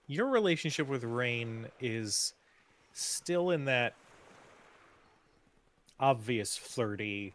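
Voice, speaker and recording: A man's voice: medium pitch, animated, slow pace, pauses often, a little hiss or hum. A man narrating as game master of a tabletop game, loose and laughing often.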